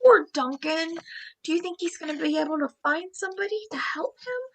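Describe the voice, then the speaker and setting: A woman reading a picture book aloud to young children, animated and exclamatory, gasping and asking them questions. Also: very high-pitched, a little fast, poor audio. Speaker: storyteller for children.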